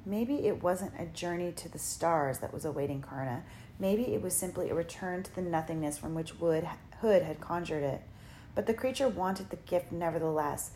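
A woman narrating a dark fantasy audiobook in a measured, dramatic storytelling manner. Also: fairly low pitch, slight background noise. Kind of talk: scripted narration.

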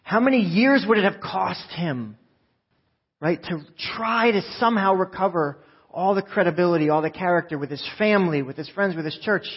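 A man's voice: sits high, moderate pace, husky, lo-fi sound. A man preaching a sermon, telling a story with quoted voices and asides to the congregation. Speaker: pastor.

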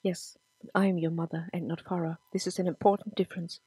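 A woman reading the lines of a firm, caring mother who speaks calmly and reassuringly, in a dry close recording. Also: lowish voice, quick pace, breathy edge, no echo.

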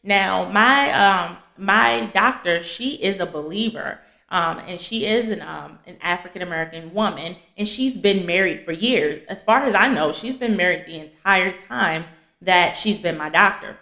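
A woman's voice: lowish voice, moderate pace, gravelly, sharp tone. A young woman, hosting a faith podcast for women and teaching casually, blunt and chatty, calling her listeners "y'all.". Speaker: podcast host and fiancée coach. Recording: echoey room.

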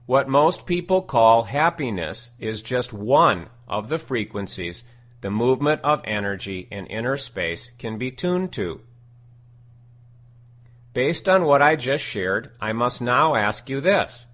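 Deliberate, emphatic male self-help speaker. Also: medium pitch, animated, a bit bright. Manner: deliberate, emphatic, repeats key phrases. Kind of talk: scripted spoken teaching.

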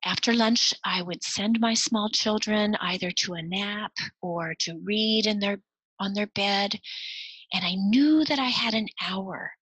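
A middle-aged woman speaks in a reflective devotional talk, her voice a little breathy and husky. She is soft-spoken and at times sinks into a near whisper. The sound is close and dry, with no room around it. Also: medium pitch, unhurried, no room sound, poor audio. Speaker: speaker to cross-cultural workers.

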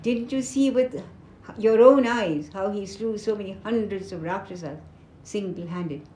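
Woman voicing a loyal young warrior, calm, firm, reassuring, echoey room. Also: medium pitch, measured pace, a little hiss or hum, close to an everyday voice. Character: loyal young man, steady and calmly reassuring. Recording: roomy echoing room.

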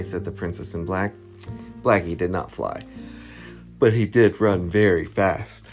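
A man reading a storybook aloud to his child, lively and expressive, with a gravelly voice. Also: low voice, unhurried, pauses often, soft background music. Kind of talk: bedtime story read-aloud.

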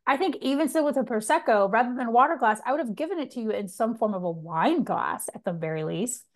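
A woman hosting a podcast, telling stories in a lively, casual way and swearing often. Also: a little high, fairly quick. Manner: animated storyteller, frequent swearing. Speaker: podcast host. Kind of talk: casual chat.

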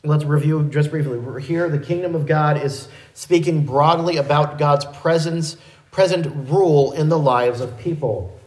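A man with a slightly high voice preaches a sermon at a measured pace, explaining a passage like a teacher and often correcting himself mid-sentence. The room is echoey.

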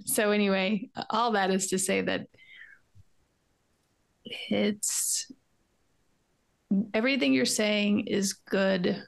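Candid woman with a gravelly edge. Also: medium pitch, fairly even intonation, slow, long pauses. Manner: candid, self-searching, tender, trails into soft asides. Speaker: podcast co-host. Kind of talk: casual reflective conversation. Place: home art studio.

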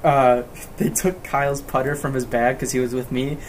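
A man's voice: mid-range voice, steady tone, normal speed, a little hiss or hum. A teenage boy co-hosting a casual podcast, rambling through stories with laughs and a lot of swearing. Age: teens. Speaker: podcast co-host. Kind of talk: casual chat.

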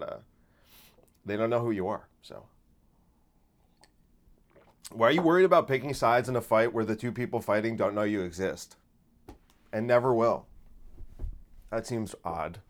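A man who hosts a podcast and does comedy, talking through a casual solo monologue that rambles, restarts often and swings between loud bursts and quiet asides. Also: lowish voice.

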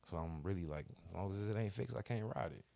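A man's voice: low voice, quick pace, creaky, warm tone, a little hiss or hum. A man co-hosting a podcast in casual chat, telling a story with heavy cursing and slang. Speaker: podcast co-host.

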